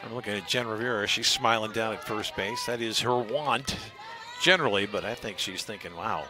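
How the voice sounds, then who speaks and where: Man calling a softball game. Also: fairly low pitch. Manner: measured commentary that rises to excited shouting on big plays. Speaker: play-by-play announcer. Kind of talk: live sports commentary.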